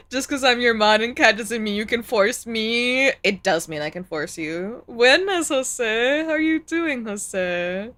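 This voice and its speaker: A woman streamer in casual live-stream chat, animated, groaning and laughing as she reacts to clips. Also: a little high, normal speed.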